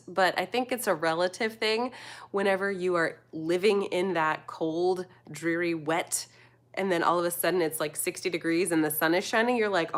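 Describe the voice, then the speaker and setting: A woman's voice: on the low side, normal speed. An American woman in her thirties, chatting casually on a live stream and reading out viewer comments as she rambles. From United States. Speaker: food vlogger answering live chat.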